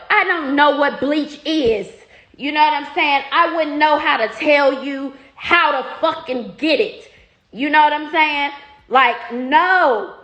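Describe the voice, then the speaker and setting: A woman's voice: sits high, fairly bright tone. A woman talking casually straight to her followers, blunt and profane, repeating herself when riled. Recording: echoey room.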